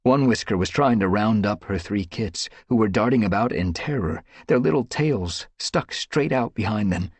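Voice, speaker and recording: A man reading a dramatic audiobook story with expressive, dramatic storytelling. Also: fairly low pitch, moderate pace, hardly any pauses, no room sound. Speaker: audiobook narrator. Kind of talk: audiobook narration.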